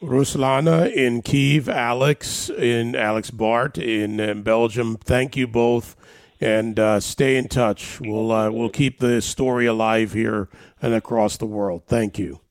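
A man's voice: mid-range voice, fairly even intonation, slow pace, dry recording. Radio host man, dry studio sound. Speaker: radio talk show host. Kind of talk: broadcast interview wrap-up.

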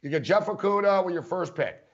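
A man's voice: high voice, lively intonation, brisk, dull audio. A man co-hosting a sports podcast, emphatic and incredulous, hammering his points in casual debate.

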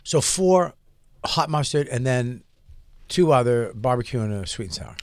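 A man's voice: mid-range voice, lively intonation, no room sound, clean studio sound. A man co-hosting a casual podcast, teasing and wisecracking. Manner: teasing, wisecracking, quick to mock. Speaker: podcast co-host. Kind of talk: casual chat.

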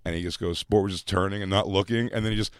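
Low-voiced man telling stories. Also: very fast, clean tone, dry recording, studio quality. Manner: animated storyteller who laughs often. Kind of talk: casual chat.

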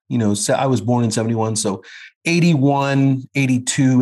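Guest actor man in his fifties, reminiscing. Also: lowish voice. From Kansas City area. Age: 50s. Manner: warm, reminiscing, with many fillers and restarts. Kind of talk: casual conversation.

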